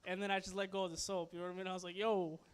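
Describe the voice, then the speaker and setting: A man's voice: high-pitched, monotone, rapid-fire, a bit bright, clear, resonant tone. A male stand-up comedian doing a laid-back set, tagging lines with "you know what I mean". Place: small comedy club, live audience.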